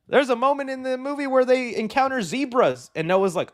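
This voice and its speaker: A man hosting a live movie news show, chatting casually in an excitable, rambling way with many fillers. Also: very high-pitched, a little fast. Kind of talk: casual live-stream chat.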